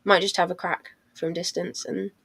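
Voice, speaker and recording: A woman's voice: on the low side, little pitch movement, normal speed, vocal fry, fairly bright tone, slightly rough, dry recording. A woman on a football podcast panel, talking things through in a thoughtful, hedging way. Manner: thoughtful, hedging with "I don't know" and "like". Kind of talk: casual chat.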